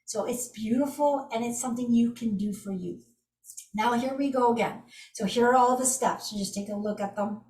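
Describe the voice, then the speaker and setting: A woman's voice: on the high side, normal speed, a little mellow. A woman teaching an energy healing technique, guiding listeners step by step in an encouraging way. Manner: encouraging, speaks example phrases aloud. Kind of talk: guided tapping demonstration. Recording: echoey room, far from mic.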